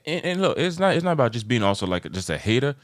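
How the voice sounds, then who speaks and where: A man from New York hosting a casual sports chat, passionate and rambling, often getting loud and worked up. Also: mid-range voice, big pitch swings, fast talker. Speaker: show host.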